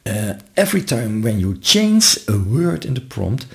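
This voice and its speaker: A man talks through a software tutorial at a slow, unhurried pace. His low voice is gravelly. His pitch rises and falls a lot as he explains each step. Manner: relaxed, explains step by step with frequent uh fillers. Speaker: tutorial host. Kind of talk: screen-recorded software tutorial.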